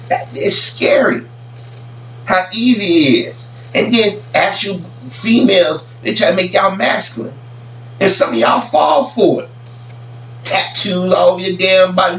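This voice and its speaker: A high-pitched man with a fairly bright tone rants casually to camera about celebrity news. He is a vlogger who wanders off topic and often stammers and repeats himself. The recording is distant and roomy, dull lo-fi with a slight hum.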